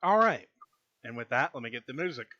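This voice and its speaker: A man narrating a tabletop game as game master, calm and matter-of-fact. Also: medium pitch, a little fast, highs cut off. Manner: relaxed, matter-of-fact rulings.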